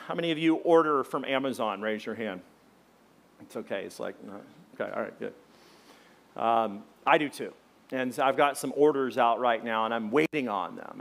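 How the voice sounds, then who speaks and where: A middle-aged man preaching a sermon to his congregation, with folksy, conversational talk full of fillers, acting out the shouted quotes in his stories. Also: medium pitch. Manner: animated storyteller, acts out loud shouted quotes. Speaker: pastor. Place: church sanctuary before a congregation.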